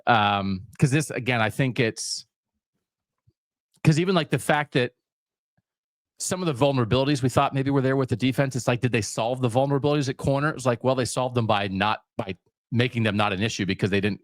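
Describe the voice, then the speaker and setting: A man's voice: medium pitch, fairly quick, no echo. A man co-hosting a sports podcast, making emphatic points in long, piled-up lists. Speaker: podcast co-host.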